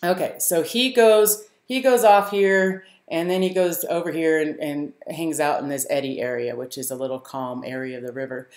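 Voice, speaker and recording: A woman hosting a live stream, telling a story to her viewers in a casual, animated way, laughing often and using many fillers. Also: deep voice, normal speed, few pauses. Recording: roomy echo.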